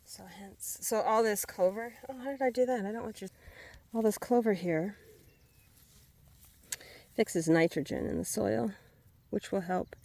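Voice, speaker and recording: Walking through a wet hay field, a homesteading vlogger thinks aloud and calls to her dogs in a mid-range, darkish voice with vocal fry. She speaks at a measured pace with long pauses, and dogs and countryside sounds can be heard around her.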